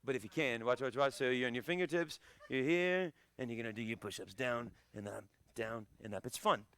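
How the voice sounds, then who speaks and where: A man coaching a live online karate fitness class, shouting encouragement and countdowns and joking between sets over a video call. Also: medium pitch, animated, a little fast. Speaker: karate instructor.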